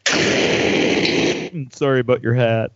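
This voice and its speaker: A man's voice: mid-range voice, steady tone, slow, fairly bright tone, dry recording, muffled recording, pitched below the performer's own voice. A man voicing a dim, fawning young fire knight who gushes over his hero and keeps apologizing, in improvised tabletop role-play. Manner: gushing, sycophantic, apologetic.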